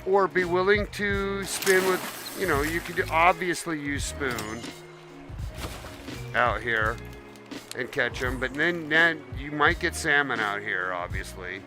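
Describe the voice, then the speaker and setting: On a live game stream, a man chats casually with background music playing, warm toward his viewers and sometimes talking about himself in the third person. His voice is a little high and slow.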